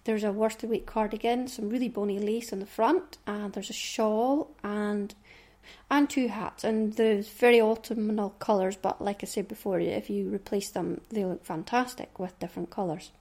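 A woman's voice: medium pitch, steady tone, moderate pace, darkish tone. A middle-aged woman with a Scottish accent hosting a knitting podcast, chatting casually and rambling with little asides under her breath. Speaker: podcast host. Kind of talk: casual chat.

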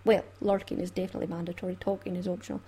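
A woman's voice: lowish voice, little pitch movement, rapid-fire, dark tone, husky. A Scottish woman hosting a craft podcast in a chatty, laughing way. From Scotland. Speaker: podcast host. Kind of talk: casual chat.

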